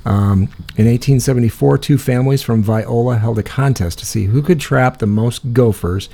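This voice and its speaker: A man's voice: mid-range voice, moderate pace, mellow. A man with a Midwestern American accent hosting a casual chat, rambling and thinking aloud as he looks things up. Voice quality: gravelly, husky. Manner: rambling, thinking aloud while searching online. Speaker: podcast host.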